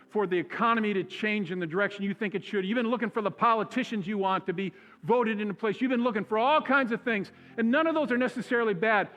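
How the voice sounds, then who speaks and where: Male pastor, high-pitched, conversational sermon delivery, church hall reverb. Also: fairly bright tone, lo-fi sound. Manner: conversational preaching, repeats key phrases for emphasis. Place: church sanctuary.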